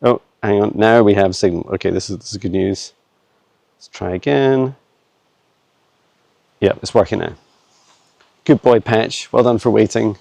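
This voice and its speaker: Man, dark gravelly voice, dry close phone sound, halting casual vlog delivery. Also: on the low side, fairly even intonation, no room sound. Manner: halting, many fillers and restarts. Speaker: psychic channeler. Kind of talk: casual walking vlog, channeling answers. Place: woods outdoors, walking a dog. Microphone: handheld phone camera.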